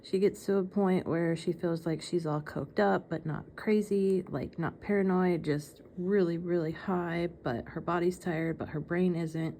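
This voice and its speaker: A woman with a slight lisp talks to camera in a casual, earnest way. Her voice is mellow and a little low, and faint noise sits under it. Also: steady tone, a little slow, few pauses. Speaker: vlogger.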